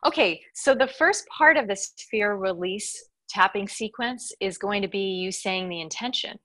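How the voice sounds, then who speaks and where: A woman guiding listeners step by step through a tapping exercise, pausing often with a reassuring "okay". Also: mid-range voice, expressive. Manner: slow, step-by-step coaching with frequent "okay". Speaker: guest teacher. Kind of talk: guided tapping instruction.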